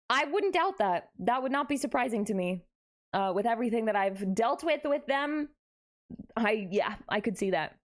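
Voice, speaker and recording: A young adult woman streaming live, chatting casually with her viewers in a playful, dramatic way. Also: mid-range voice. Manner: animated, playful, dramatic exclamations.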